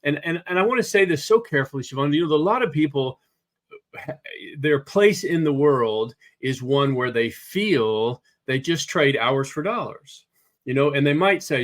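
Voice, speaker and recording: An older man speaks as a guest on a leadership podcast. His manner is earnest and reflective, and he picks his words carefully. Gentle laughs come through now and then. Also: a little high, lively intonation, moderate pace. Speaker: podcast guest, executive coach. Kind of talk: reflective conversational talk.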